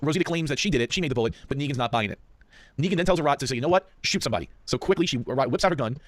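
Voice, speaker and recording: A man talking very fast as a podcast host, in a dry, close sound with no room echo. He retells the episode with animated energy. He drops in little acted-out lines along the way. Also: medium pitch. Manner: lively storyteller, acts out lines with laughs. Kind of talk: casual episode recap.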